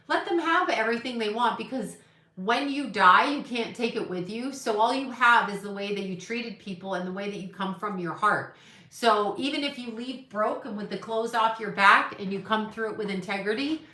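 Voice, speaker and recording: A psychic livestream host chats casually, reading viewer comments and offering opinionated, gossipy takes. Her voice is fairly high-pitched and bright, with a forceful tone, and the room sounds echoey.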